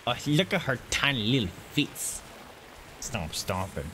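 Excitable man coos at game animals. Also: medium pitch, unhurried, a little hiss or hum. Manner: mutters to himself while clicking through menus. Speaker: gaming channel host. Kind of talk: playthrough commentary.

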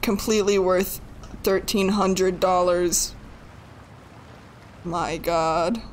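A young woman in her twenties talks slowly while she streams a hard game live. She begs the game, curses quietly and laughs at her own failures. Faint noise sits under her voice. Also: lowish voice, fairly even intonation. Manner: frustrated, pleading and swearing under her breath; self-mocking with bursts of laughter. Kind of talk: live gaming commentary.

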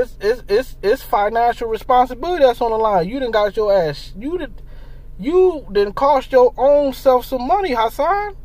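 A man ranting in casual commentary, animated and profane, firing off rhetorical questions. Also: very high-pitched. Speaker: commentary vlogger.

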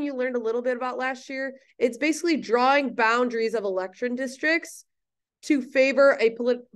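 Playful woman teacher, fairly high voice. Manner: playful, jokey and chatty. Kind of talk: recorded history lecture. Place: empty classroom.

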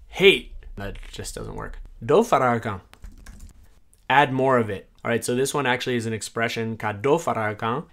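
A man who teaches a language reviews a translation tool in a casual way. He says each phrase aloud and then explains what it means, adding quick asides. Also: mid-range voice, a bit bright.

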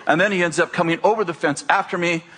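A man's voice: high-pitched, quick pace, a bit bright, breathy edge. A middle-aged male pastor preaching to a congregation in a conversational, joking manner. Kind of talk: sermon. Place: church before a congregation.

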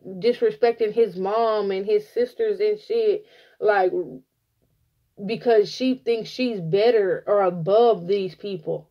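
A woman giving a casual tarot reading, blunt and profane, telling it like an animated story. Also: medium pitch, takes it slowly, lo-fi sound. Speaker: tarot reader.

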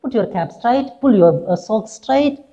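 A woman's voice: fairly high pitch, animated, a little slow, mellow, voice pushed up. A woman voicing a fretful, strict mother who nags her son with repeated orders, on a dull lo-fi recording. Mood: bossy.

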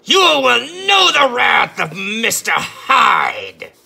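Brief: snarling monster-man bellowing slow threats, sharp gravelly edge, as a man puts him on. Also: very high-pitched, huge pitch swings, voice pushed up, heavily acted. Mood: outraged. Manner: shouted, drawn-out threats. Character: snarling enraged man-monster, easily offended.

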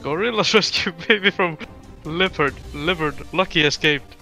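A man's voice: fairly high pitch, moderate pace, sharp tone, faint music behind. A young man, joking crudely with friends in casual gaming voice chat over a headset. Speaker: gamer streamer.

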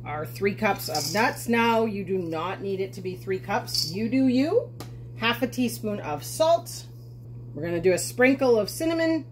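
A woman's voice: medium pitch, lively intonation, a little slow, a little hiss or hum. A woman hosting a homesteading channel, chatting in a self-deprecating way as she walks through a recipe in her home kitchen. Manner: chatty and self-deprecating, talking while cooking. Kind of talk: casual cooking demonstration.

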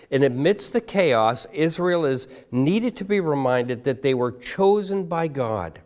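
Lively-voiced pastor preaching with emphasis. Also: male voice, fairly high pitch. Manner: emphatic, rhetorical questions to congregation; slows down to stress key words. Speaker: guest pastor. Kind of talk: sermon.

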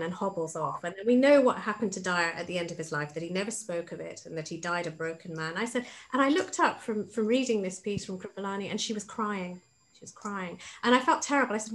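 A woman's voice: lowish voice, lively intonation, fairly quick, low-quality recording. A woman with a British accent, an author telling a personal story as the guest of an online talk, acting out the quoted lines as she goes. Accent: British English.

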